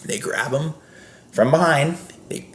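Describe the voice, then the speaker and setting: A man's voice: fairly high pitch, lively intonation, unhurried, fairly bright tone. A man, a podcast guest, telling a rambling story in casual chat, full of restarts and fillers. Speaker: podcast guest, former scare actor. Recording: roomy echo.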